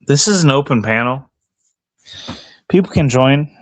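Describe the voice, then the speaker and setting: A man's voice: mid-range voice, lively intonation, unhurried. A man livestreaming outdoors in the cold, ranting angrily and profanely at his chat and at himself.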